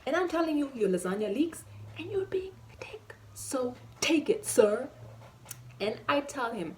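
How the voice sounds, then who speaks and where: A woman, telling a storytime vlog story in an animated, emphatic way and acting out the dialogue. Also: sits high, normal speed. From Namibia. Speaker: vlogger.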